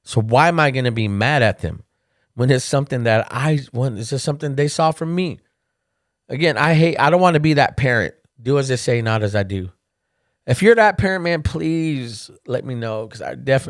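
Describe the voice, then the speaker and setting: A middle-aged man hosting a podcast, telling personal stories in a candid, casual monologue and getting animated when he quotes others. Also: mid-range voice, moderate pace, no echo, studio quality. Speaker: podcast host.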